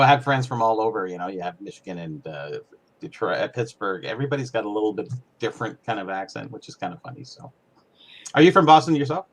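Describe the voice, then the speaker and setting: A man co-hosting a casual livestream chat, talking quickly and enthusiastically. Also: on the low side.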